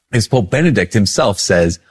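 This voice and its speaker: A man, a priest, giving an animated, self-mocking spoken reflection to his listeners. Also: fairly low pitch, breathy edge.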